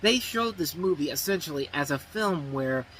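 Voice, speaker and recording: A man hosts his movie review show in a loose, rambling way, restarting sentences as he goes. His voice sits a bit high and sounds bright and forceful. Faint noise sits under the recording. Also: lively intonation, moderate pace, rough recording. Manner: rambling, self-correcting, many "I mean"s. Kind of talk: casual spoken movie review.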